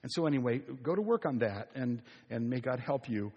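A man's voice: mid-range voice, lively intonation, fairly quick, husky, dull audio. A man preaching a conversational sermon, repeating key phrases for emphasis. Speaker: pastor. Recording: long hall reverb.

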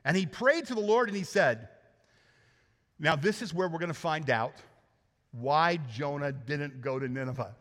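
A pastor preaching a lively sermon to his congregation, joking and acting out the characters as he goes. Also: a little high, normal speed. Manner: animated, joking, acts out characters. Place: church sanctuary. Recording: hall reverb.

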